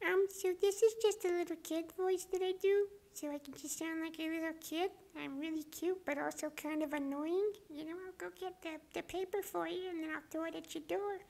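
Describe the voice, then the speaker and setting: A man's voice: very high voice, steady tone, brisk, gravelly, hardly any pauses, a little mellow, voice pushed up. A man voicing a cute but annoying little kid who chatters cheekily. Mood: cheeky.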